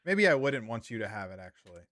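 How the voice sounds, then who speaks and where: A man making dry, deadpan remarks in casual banter with the host. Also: fairly low pitch, fast, no echo.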